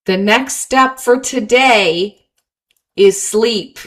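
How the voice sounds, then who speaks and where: A woman's voice: fairly high pitch, drawn-out words. A woman presenting a motivational webinar, encouraging and repeating key phrases, reading chat comments aloud over a video call.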